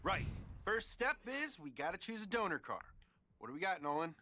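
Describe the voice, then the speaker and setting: Chill game buddy, bright high voice, bit of noise behind. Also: male voice, very animated, a little fast, exaggerated voice. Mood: laid-back. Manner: laid-back, chatty.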